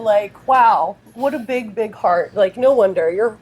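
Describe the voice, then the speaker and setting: A woman hosts a talk show, speaking in an effusive, gushing way and close to tears. Her voice sits at a middle pitch. A faint layer of noise sits in the background. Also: expressive, takes it slowly, darkish tone. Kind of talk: emotional interview talk.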